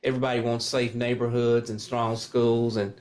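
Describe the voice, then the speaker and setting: An older man from Kentucky talks in an earnest, steady way, pausing on fillers as he explains his background. His voice sits at an ordinary middle pitch for a man. He has the settled delivery of a longtime pastor. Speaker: pastor and candidate. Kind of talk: casual interview talk.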